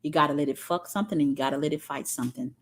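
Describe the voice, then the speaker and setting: A woman voicing a calculating male farmer in a spoken parable, talking in a measured, matter-of-fact way. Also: low voice, voice pushed down. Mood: knowing.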